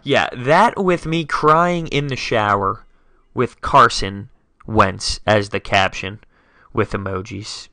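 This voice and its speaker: A man's voice: lowish voice, slow pace, pushed and bright, dry recording. A young man hosting a solo sports talk podcast, dramatic and self-mocking as he rattles off scores. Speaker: podcast host.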